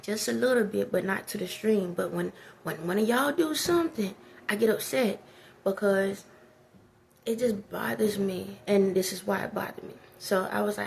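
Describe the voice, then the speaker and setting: A woman's voice: medium pitch, moderate pace, gravelly, a little hiss or hum. A woman talking casually in a personal vlog, rambling and preachy. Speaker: vlogger.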